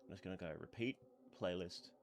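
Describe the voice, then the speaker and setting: This streamer has a low-pitched voice and talks fairly quickly, rambling along with lots of fillers and a slightly stuffy nose from blowing it. A little hiss or hum sits under the audio.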